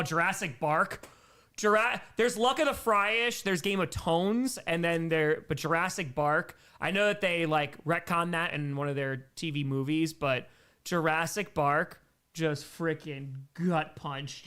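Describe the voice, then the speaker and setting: A man with a slightly raised, light voice hosts a relaxed livestream Q&A. He talks in a loose, rambling, enthusiastic way and stops now and then to thank donors before carrying on. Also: on the high side, unhurried, clear, resonant tone. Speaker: livestream host answering viewer questions. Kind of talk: casual chat.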